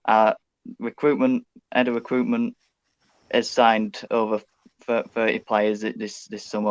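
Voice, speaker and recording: A man with a low, flat voice makes an impassioned case in a casual football fan chat, often stumbling and repeating his words. The sound is dull and lo-fi with a very dry mic. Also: no room sound. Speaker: fan guest.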